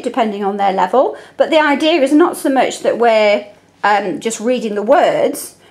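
An Australian woman tutor explaining how to teach spelling, reading rhymes aloud slowly and deliberately. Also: fairly high pitch, darkish tone. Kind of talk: teaching demonstration.

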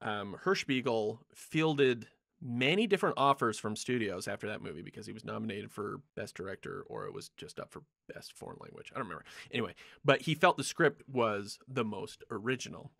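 A man's voice: lowish voice, brisk, creaky, fairly bright tone, no echo, clean studio sound. A man hosting a casual film podcast, talking loosely with lots of laughter and filler words. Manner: laughs often, loose and joking, many fillers. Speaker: podcast host.

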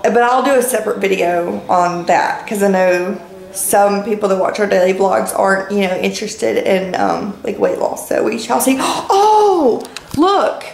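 A young woman vlogs her day at home, wandering from room to room and rambling to the camera with plenty of ums and likes. Her medium-pitched voice is gravelly and lively at a normal speed, recorded in an echoey room with faint background noise.

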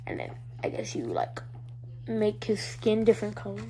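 A woman's voice: mid-range voice, very animated, moderate pace, heavy background noise. A female vlogger showing her toy collection in a hyper, giggly, rambling way. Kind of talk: casual show-and-tell vlog.

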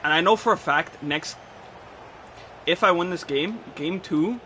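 A man's voice: sits high, measured pace, pushed and bright, a little hiss or hum. A young man giving frustrated gameplay commentary, swearing, ranting and mocking himself sarcastically. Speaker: gaming YouTuber.

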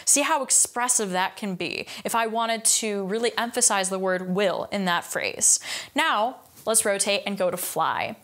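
A woman's voice: medium pitch, measured pace, a bit bright. A young adult woman giving a singing lesson as a vocal coach, explaining a point and then singing it to show how it sounds. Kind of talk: singing lesson with sung demonstrations.

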